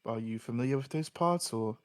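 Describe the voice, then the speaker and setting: A man with a mid-range voice, speaking fairly quickly and lightly acted, voices a confident young female demigod who is a chess rival. He uses a put-on English accent and sounds boastful and cocky, with hesitant fillers between lines.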